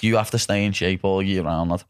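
A man's voice: sits low, fairly even intonation, brisk, clean tone. A young Scouse man hosting a casual chat, swearing freely and saying "lad" a lot. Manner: swears freely, says "lad" and "know what I mean" often. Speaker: podcast host, fighter.

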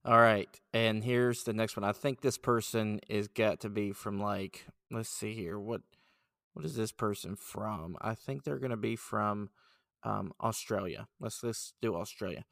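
A man's voice: fairly low pitch, fairly even intonation, measured pace, creaky, fairly bright tone, no echo, clean studio sound. Man hosting a casual podcast. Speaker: podcast host.

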